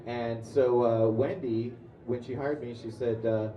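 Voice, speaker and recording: With a steady, mellow, medium-pitched voice, he talks at a measured pace and barely pauses. He's a comics artist and voice actor on a convention panel, casually sharing stories with frequent fillers and restarts, captured by a far-off mic in an echoey room.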